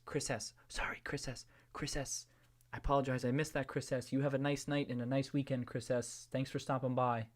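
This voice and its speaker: Male live stream host, mid-pitched, jokey and loose, rambling chat with restarts. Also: little pitch movement, fairly quick. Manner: playful and joking, greeting chat viewers by name.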